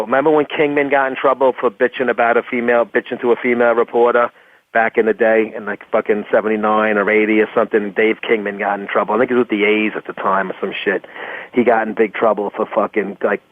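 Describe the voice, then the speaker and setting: A man's voice: medium pitch, little pitch movement, fast talker, no echo. A man co-hosting a crude radio chat, blunt and heavy on swearing, who also wraps up the show. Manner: blunt, profane, laughing. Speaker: co-host. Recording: tinny phone-like line, dry.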